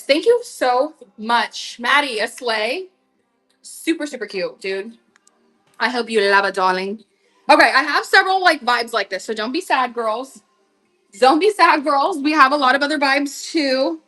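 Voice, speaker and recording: A young woman selling vintage clothes on a live stream in casual, slang-heavy chat that swings from hushed asides to loud outbursts. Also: sits high.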